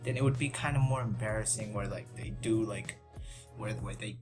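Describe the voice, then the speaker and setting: A man's voice: on the low side, normal speed. A young man telling a story in a casual vlog, rambling and self-deprecating, with many restarts and asides. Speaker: YouTube channel host. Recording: music bed under the voice.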